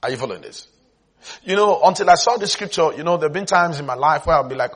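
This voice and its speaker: A man's voice: high-pitched, big pitch swings, fairly quick, slightly rough. A male preacher giving a sermon, emphatic, repeating key words and often asking whether listeners are following.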